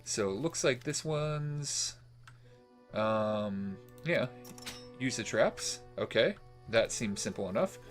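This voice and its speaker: A man's voice: medium pitch, expressive, slow, soft background music. A man hosting a let's play, commenting casually on a role-playing game as he plays, rambling with fillers and restarts. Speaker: gaming channel host.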